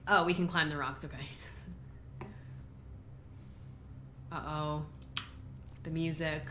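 Casting: young woman YouTuber, easily startled, bright tone, echoey room. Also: low-pitched, steady tone, takes it slowly, long pauses. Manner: jumpy, exclaiming, easily startled. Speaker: gaming YouTuber. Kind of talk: let's play commentary. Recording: echoey room, faint noise.

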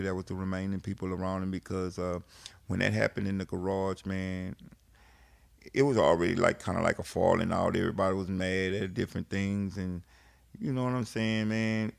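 Gravelly-voiced man telling stories. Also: on the low side. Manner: loose, profane street storytelling with many fillers. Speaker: interviewee, friend of the late DJ. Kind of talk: casual storytelling interview.

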